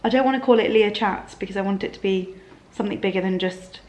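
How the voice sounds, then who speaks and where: A young woman, chatting casually to camera in her bedroom, rambling and laughing softly. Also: medium pitch, fast talker. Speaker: vlogger. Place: bedroom of a small flat.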